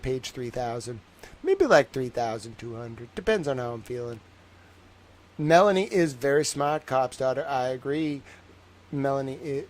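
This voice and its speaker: A man's voice: medium pitch, a little hiss or hum. Young boston guy rambling on his stream, jokey, lots of likes and ums, medium voice. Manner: rambling, joking, lots of fillers. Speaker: livestream host. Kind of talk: casual livestream chat.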